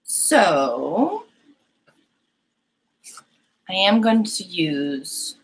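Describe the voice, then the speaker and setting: A woman's voice: lowish voice, sing-song, extremely slow, poor audio. A young woman hosting a painting live stream, chatting casually and giggling as she talks to her chat. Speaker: painting livestream host.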